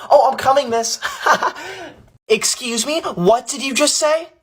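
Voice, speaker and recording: Woman acting as a whiny tattletale schoolgirl, overdramatic, husky voice, comedy skit. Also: high voice, moderate pace. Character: snooty tattletale schoolgirl, self-righteous know-it-all.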